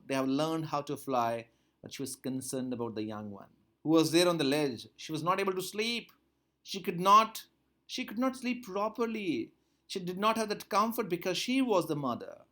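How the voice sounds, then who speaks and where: A teacher reads a story aloud to his students and explains it as he goes. He reads a line, then says it again in simpler words. His pitch swings widely, and his voice sits fairly high for a man. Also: a bit bright. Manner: reads a line, then repeats and paraphrases it with rising emphasis. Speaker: English teacher. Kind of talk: explaining a textbook chapter line by line.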